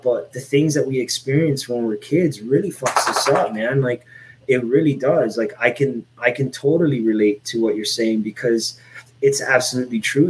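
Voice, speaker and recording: A man's voice: mid-range voice, poor audio. A man in his forties from Miami, Florida, talking candidly and at length in a casual podcast chat, with lots of "like" and "you know" and some swearing. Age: 40s. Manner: candid, rambling, swears freely.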